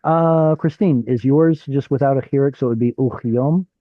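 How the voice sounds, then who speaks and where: A man leads an online class over a video call, working through a text aloud and putting questions to his students. His voice sits at an ordinary pitch, and the call audio is dull and dry. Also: moderate pace, no room sound. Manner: explains while thinking aloud, asks the class questions. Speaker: Hebrew teacher. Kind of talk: live online class teaching.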